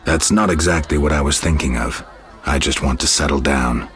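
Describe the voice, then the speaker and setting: Geralt, a very deep, dry monster hunter. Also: male voice, moderate pace, a bit bright, soft background music. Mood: weary. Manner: dry, terse and sardonic. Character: weary stoic male monster hunter. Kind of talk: video game voice acting.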